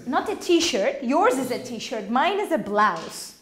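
Woman, English teacher, slow and patient, repeats words, echoey classroom, faint background noise. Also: on the high side, big pitch swings. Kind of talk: classroom language lesson. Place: classroom with students.

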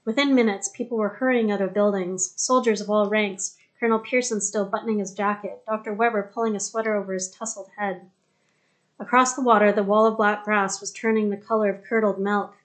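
A woman narrating an audiobook in a steady, even storytelling manner. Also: mid-range voice, brisk. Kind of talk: scripted narration.

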